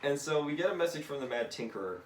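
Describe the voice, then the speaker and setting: A young man casually retelling a comic story to a friend in an animated way, slipping into voices and swearing now and then. He is recorded from a distance in an echoey room. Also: on the high side, fast. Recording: echoey room, distant mic, faint noise.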